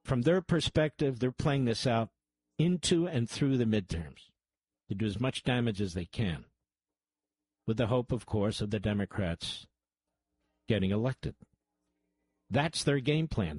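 Male talk radio host, emphatic commentary, mid-pitched voice. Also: animated, measured pace, pauses often, darkish tone, husky, dry recording. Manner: emphatic, repeats points for stress. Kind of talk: political commentary.

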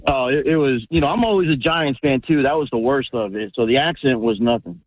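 Man, 50s, New Jersey accent with a slight Texas tinge, radio caller, relaxed talk, tinny phone line. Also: mid-range voice, brisk, no echo.

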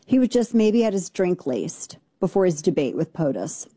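Brash, dark-voiced talk show woman. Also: fairly low pitch, normal speed, few pauses, no echo, clean studio sound. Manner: sarcastic, brash and animated. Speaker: radio talk show host. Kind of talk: opinionated talk radio commentary.

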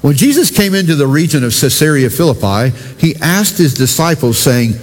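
A man's voice: a little high, big pitch swings, moderate pace. A male pastor preaching a sermon in a conversational way, talking directly to his congregation. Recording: long reverb from a church hall.

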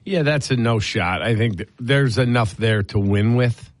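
A man's voice: medium pitch, normal speed, no echo. A man co-hosting sports talk radio in an easygoing, casual way. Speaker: radio co-host.

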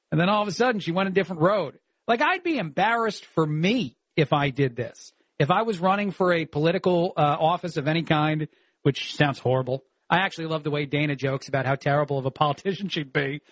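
A man filling in as a talk show host, arguing his opinions in an animated way. His voice sits a bit high and he scatters "uh" fillers through his sentences. The sound is dry and close to the mic. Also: no room sound. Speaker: fill-in radio talk host. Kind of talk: opinionated talk radio commentary.

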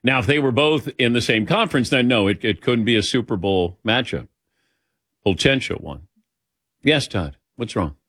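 A man's voice: medium pitch, lively intonation, normal speed, a bit bright, no echo. Guy hosting sports radio, chatty and teasing, dry close mic. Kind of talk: casual sports talk.

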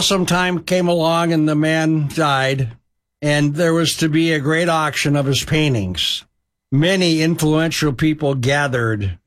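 A preacher in sermon storytelling mode, with a slightly high voice. He is emphatic and draws out key phrases for weight. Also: fairly bright tone.

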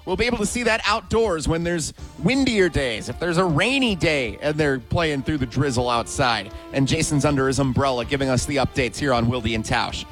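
An energetic male sports radio host with a somewhat high voice, running down his questions with emphatic punch and repeated rhetorical asks. Faint music plays under him in the studio. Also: normal speed, hardly any pauses. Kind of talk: sports talk radio segment.

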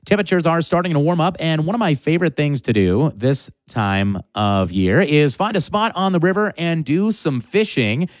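A man's voice: a little high, dry recording. Upbeat radio dj guy, bouncy voice, dry studio mic. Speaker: radio host. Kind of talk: radio announcement.

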